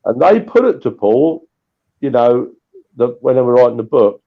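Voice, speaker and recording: A man swapping old anecdotes in a casual chat, animated and full of restarts. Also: mid-range voice, normal speed, creaky, narrow, tinny audio. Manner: animated storytelling with repeated restarts. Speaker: guest storyteller.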